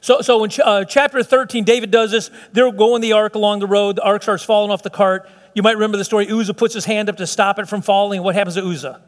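A middle-aged pastor with a high voice delivers a sermon in a casual, joking manner, stumbling and restarting as he goes. His voice carries a long church reverb. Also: steady tone, quick pace, hardly any pauses. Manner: conversational, playful asides with many restarts.

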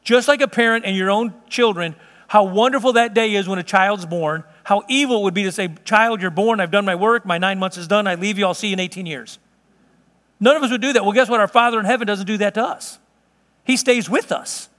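A man's voice: high-pitched, fairly quick, fairly bright tone, in a large hall. A man pastor preaching a sermon in an earnest, conversational way, telling vivid stories from everyday life.

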